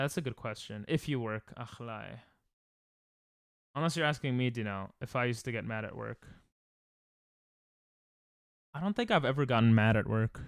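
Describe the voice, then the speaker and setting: A man's voice: medium pitch, smooth, no echo. A young man chatting casually on a live stream while gaming, joking, laughing often and reading chat aloud from a close desk mic at home.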